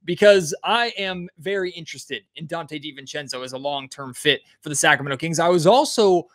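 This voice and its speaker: A man's voice: a little high, a little fast, fairly bright tone. A man hosting a sports podcast, introducing his guest in a chatty way with frequent filler words. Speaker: podcast host.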